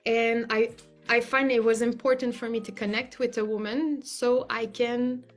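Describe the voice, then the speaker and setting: A woman giving an earnest, effusive testimonial as a client, often using "like" as a filler. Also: a little high. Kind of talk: heartfelt spoken testimonial.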